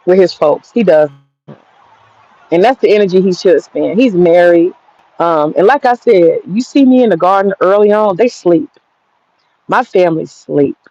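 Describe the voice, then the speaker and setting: A woman's voice: medium pitch, a little mellow, no echo. A blunt, foul-mouthed woman rambles through a casual rant in her garden and talks straight to her viewers. Her voice sounds dry and close, with no room around it. The recording is dull and lo-fi. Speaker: vlogger giving commentary. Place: outdoor garden.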